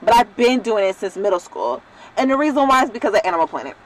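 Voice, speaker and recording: A young adult woman talking casually to her viewers in a vlog, rambling, loose and excitable, with some swearing. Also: mid-range voice, fast, crowd noise, rough recording. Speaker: vlogger.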